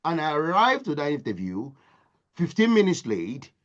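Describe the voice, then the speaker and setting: A man's voice: fairly high pitch, wildly swooping pitch, moderate pace, fairly bright tone, lo-fi sound. A man from Nigeria, giving a motivational talk as impassioned storytelling with emphatic repetition. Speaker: motivational speaker.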